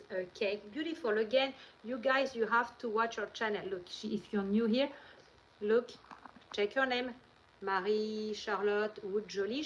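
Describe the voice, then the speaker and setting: A woman's voice: mid-range voice, fairly bright tone, slight background noise, poor audio. A woman from France with a French accent, hosting a live stream and telling rambling, chatty stories into her handheld phone. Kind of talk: casual live-stream chat.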